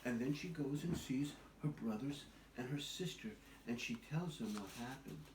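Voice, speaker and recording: An older man, a grandfather, telling a children's story at home in a gentle, patient way. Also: medium pitch, lively intonation, normal speed. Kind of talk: bedtime storytelling. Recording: echoey, distant, noisy home recording.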